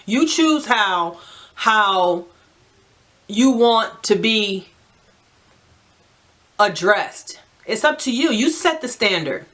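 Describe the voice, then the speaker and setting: A woman from New Jersey with a New Jersey accent, giving emphatic, direct life advice to camera and often checking in with "right?". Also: a little high. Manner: naturally loud. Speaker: advice vlogger.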